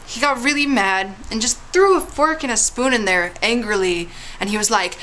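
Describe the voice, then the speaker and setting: Woman, casual vlogger, mid pitch, mock-dramatic storyteller, playful and teasing. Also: animated, a little fast, a bit bright, a little hiss or hum, low-quality recording. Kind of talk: casual vlog with a mock history tale.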